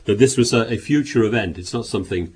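A man's voice: on the low side, fast talker, a little mellow, a little hiss or hum. A man preaching a sermon, reading scripture aloud and pressing his points with rhetorical questions and repeated words.

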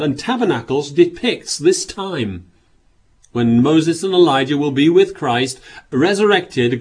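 A man's voice: fairly high pitch, a little mellow, slightly rough. A man preaching a sermon, reading scripture aloud and pressing his points with rhetorical questions and repeated words.

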